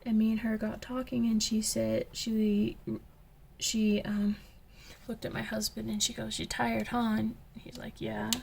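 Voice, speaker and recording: A young woman and coloring channel host chatting casually as she tells a story, slipping into whispers when excited. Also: fairly high pitch, measured pace, gravelly, slight background noise. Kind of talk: casual chat while coloring.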